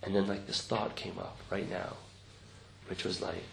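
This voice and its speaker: Low-pitched and a bit bright, with vocal fry, a man delivers his meditation teaching completely flat at a normal speed. The group talk is informal and reflective, often punctuated by a checking-in "right?" Faint noise comes through the roomy recording.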